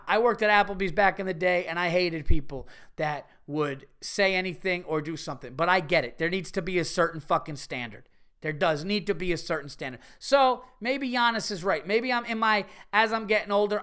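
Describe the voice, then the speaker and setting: A middle-aged man hosting a podcast, telling a profane, animated story with bursts of exasperation. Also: high-pitched, clear, resonant tone. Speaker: podcast host. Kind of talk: casual comedic storytelling rant.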